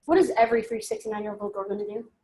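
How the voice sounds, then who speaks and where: A woman's voice: mid-range voice, very fast. A woman giving a talk to a group, acting out dialogue and asking the audience questions. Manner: animated, acts out dialogue, asks audience questions.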